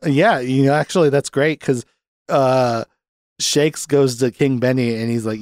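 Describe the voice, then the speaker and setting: A man's voice: medium pitch, measured pace, darkish tone, dry recording. A man in the middle of his range chats about a film, retelling scenes and slipping into quoted lines between laughs. The sound is dry and close, with no room around it. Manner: rambling recaps with quoted lines and frequent laughs. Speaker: podcast host. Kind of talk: casual movie discussion.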